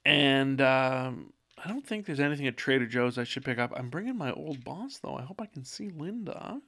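A man's voice: medium pitch, expressive, normal speed, creaky, fairly bright tone. A man in his forties from Canada, rambling through a casual solo monologue in his office, self-deprecating, often losing his train of thought. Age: 40s. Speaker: solo podcast host. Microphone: own microphone, sometimes moves off it.

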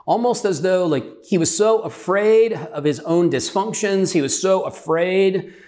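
Earnest pastor telling a story, slightly high voice. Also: male voice, measured pace, darkish tone. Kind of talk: sermon storytelling.

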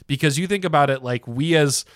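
A young man co-hosting a casual podcast chat, animated and laughing often, with plenty of fillers. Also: on the high side, a little fast, no echo, clean studio sound. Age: young adult. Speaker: podcast co-host.

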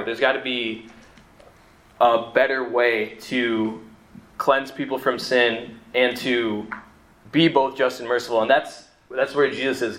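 A man's voice: mid-range voice, fairly bright tone. A young man in his twenties, a seminary student, gives a conversational talk to a group, reading scripture aloud and often restarting his sentences with "like.". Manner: conversational, frequent "like" and repeated restarts. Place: room with a group of listeners. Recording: roomy echo.

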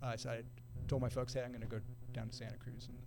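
A middle-aged man telling a long story in a relaxed, casual way, using surfer slang and acting out other people's quoted lines. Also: mid-range voice, fast, vocal fry. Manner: laid-back surfer talk, acts out quoted voices. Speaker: podcast guest.

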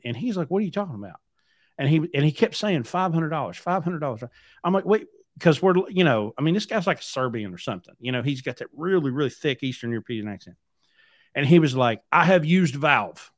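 Studio-quality audio with no room sound captures a mid-range male voice. The speaker, who hosts a podcast and owns a trucking company, rambles through a long casual story bluntly, repeating words.

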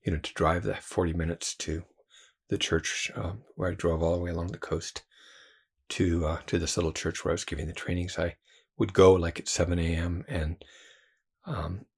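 A man's voice: deep voice, flat delivery, normal speed, gravelly, darkish tone, breathy edge. A man, a Christian trainer and theologian, telling a personal story in a rambling way with many fillers and restarts.

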